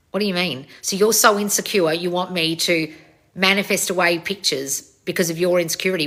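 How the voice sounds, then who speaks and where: A woman's voice: low-pitched, pushed and bright. A woman hosting a casual live Q&A as a coach, reading out viewer comments and answering them bluntly, swearing often and calling people darling.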